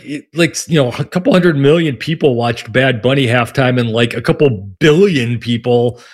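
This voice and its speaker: A man holds forth on sports radio in a loose, rambling way. He circles back on himself, joking at his own expense, in a voice of ordinary middle pitch. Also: normal speed, few pauses. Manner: rambling, self-deprecating, many restarts. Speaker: radio sports talk host. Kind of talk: casual sports radio chat.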